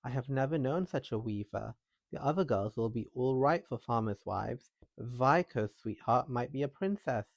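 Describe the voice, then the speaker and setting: A man voicing a gentle old farmer and father in a storybook reading, speaking in a gentle, fatherly way. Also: mid-range voice, lively intonation, normal speed, creaky, dry recording. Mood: judging.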